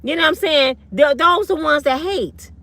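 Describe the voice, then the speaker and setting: A woman's voice: sits high, moderate pace, fairly bright tone. A woman in her fifties, an online commentator, delivering a blunt, fiery, profane rant full of slang. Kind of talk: ranting monologue.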